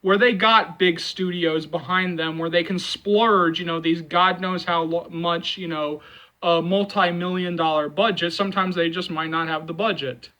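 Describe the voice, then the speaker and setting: A man's voice: on the high side, steady tone, normal speed, pushed and bright, low-quality recording. A man hosting a movie channel, talking casually and rambling, with many fillers and repeated phrases as he reassures fans. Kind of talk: casual commentary vlog.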